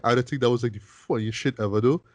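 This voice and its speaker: A man hosting a film review podcast in casual chat, animated and profane, often tagging "right?" and restarting words. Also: mid-range voice, quick pace, no room sound.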